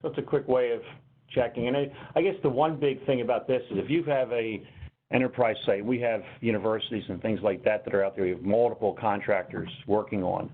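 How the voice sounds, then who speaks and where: A man presenting a technical webinar, talking through software steps on screen in a conversational, explanatory way. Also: on the low side, steady tone, fairly quick. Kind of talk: conversational software demo walkthrough. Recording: tinny phone-line webinar audio, faint noise.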